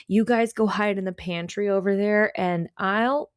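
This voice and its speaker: A woman's voice: medium pitch, steady tone, unhurried, no echo, clean studio sound, natural voice. Woman doing a stubborn young swordsman. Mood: insistent. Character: stubborn young male samurai, suspicious of foxes.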